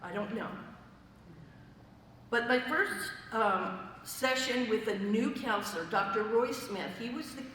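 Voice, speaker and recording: A woman's voice: on the high side, a little slow, a bit bright. A woman giving a personal testimony at a church fellowship, telling her story conversationally and in vivid detail. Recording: echoey hall, voice from far off, faint noise.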